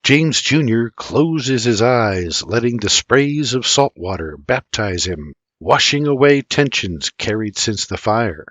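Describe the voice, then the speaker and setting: An older man narrates a historical audiobook at an unhurried pace. His intonation rises and falls in a lively way, and the recording is dry and close with no room sound. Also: mid-range voice, no room sound. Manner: slow, measured, lively intonation. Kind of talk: scripted narration.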